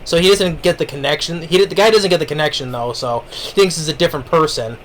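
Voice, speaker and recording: Man, slightly high voice, casual review, rambling, full of fillers and self-corrections. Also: quick pace, fairly bright tone, a little hiss or hum. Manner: rambling, with many fillers and restarts. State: eating while talking. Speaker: anime reviewer.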